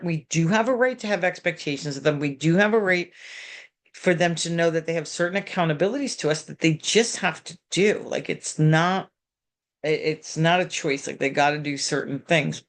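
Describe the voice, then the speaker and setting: A middle-aged woman counseling parents in an animated talk, often slipping into quoted voices and filler words. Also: on the low side, moderate pace.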